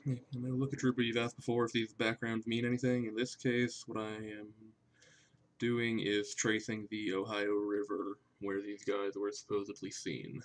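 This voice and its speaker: A man's voice: fairly low pitch, flat delivery, moderate pace. A man hosting a livestream, chatting casually and thinking aloud while he draws. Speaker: livestream host and artist.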